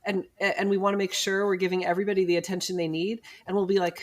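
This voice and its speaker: A woman's voice: medium pitch, quick pace. A middle-aged woman, a physician and podcast co-host, telling a family story in casual chat and acting out the people she quotes. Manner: animated storyteller who acts out quoted people.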